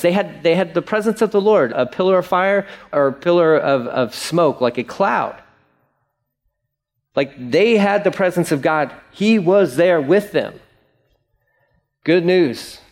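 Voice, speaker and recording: A male pastor preaching a conversational sermon, acting out quotes and asides. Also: fairly high pitch.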